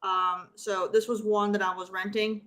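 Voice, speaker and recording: A woman co-hosting a casual podcast, relaxed and laughing between her sentences as she trails off with fillers. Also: mid-range voice, normal speed. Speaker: podcast co-host.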